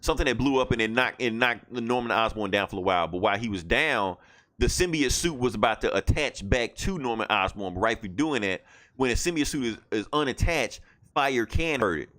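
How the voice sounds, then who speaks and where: A man's voice: mid-range voice, expressive, fairly quick, fairly bright tone. A man hosting a podcast who casually retells a story, rambling and swearing freely. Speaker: podcast host. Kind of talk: casual chat.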